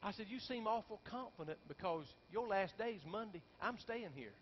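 A male pastor preaching a storytelling sermon. He talks to the congregation in folksy asides and climbs into shouted peaks. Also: high-pitched, lively intonation, normal speed. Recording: dull lo-fi sound with faint background noise.

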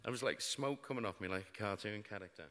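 A middle-aged British man, a storyteller on stage in a large hall, tells a true story to a live audience, bringing wry, self-mocking humour to grim events. His British English voice sits fairly low in pitch, with a fairly bright tone, and he talks fast. The live hall gives the recording a long reverb.

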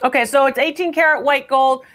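A woman hosting a live call-in appraisal stream, talking in a brisk, chatty, direct way. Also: high-pitched, steady tone, a bit bright. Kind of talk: unscripted live appraisal chat.

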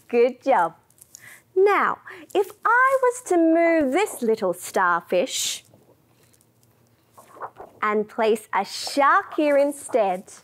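Slow, sing-song woman teaching toddlers music. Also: sits high. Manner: slow, sing-song and encouraging, dropping to whispers for quiet parts. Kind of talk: children's music lesson.

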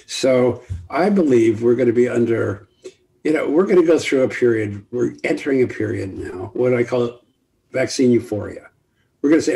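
An older man speaking as a guest expert on an online panel call, emphatic and lively, often acting out quoted voices. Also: mid-range voice, moderate pace, creaky. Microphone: video call.

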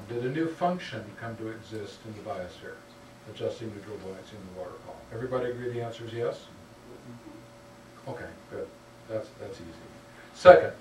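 A man giving a public lecture in a lecture hall, putting questions to the audience with a wry manner. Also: mid-range voice. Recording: roomy hall from a distance, faint hum.

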